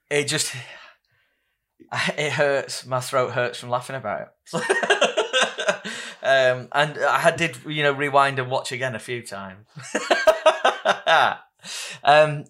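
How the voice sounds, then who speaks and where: A man with a bright, forceful tone, chatting enthusiastically with friends about a film. He laughs easily and sounds thoroughly entertained. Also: mid-range voice, big pitch swings, slow pace, long pauses. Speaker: podcast co-host. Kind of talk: casual film review chat.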